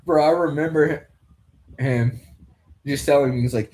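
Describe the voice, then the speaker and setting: A man's voice: on the high side, unhurried, darkish tone. A young man hosting a casual fight commentary, rambling loosely and swearing now and then. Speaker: podcast host commentating a fight card.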